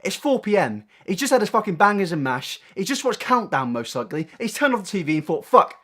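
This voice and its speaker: A man's voice: high voice, big pitch swings, fast, a bit bright. A British man giving sarcastic, swearing reaction commentary on another creator's video. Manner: sarcastic, swearing, mock-pleading asides. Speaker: commentary YouTuber.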